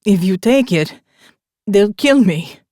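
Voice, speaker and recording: A woman voicing a rough young Italian man with an Italian accent, sneering and pleading by turns. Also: mid-range voice, animated, takes it slowly, no room sound, studio quality.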